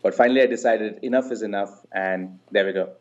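A man's voice: lowish voice, fast, dull audio. A man from India, a podcast guest, answering questions in an easygoing, wry way. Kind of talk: casual interview.

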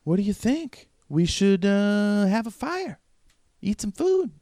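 A folksy woman put on by a man drawls in a high, raised voice. She is friendly and unhurried, calling strangers sweet names, a character in a tabletop game. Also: sing-song, warm tone, no room sound, studio quality, full character voice. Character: warm folksy Southern woman in a wheelchair.

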